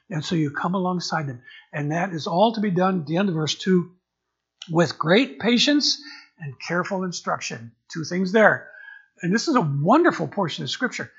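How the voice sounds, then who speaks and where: A man's voice: sits high, expressive, moderate pace, vocal fry, fairly bright tone, breathy edge, lo-fi sound. An older man preaching a sermon as pastor, in a conversational way, often repeating words as he searches for the next phrase.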